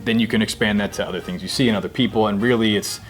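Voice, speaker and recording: Guy from new jersey, 30s, chill low voice, swears a lot, just chatting. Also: very fast, soft background music. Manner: relaxed, candid storyteller who swears freely. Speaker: guest comedian. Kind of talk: casual chat.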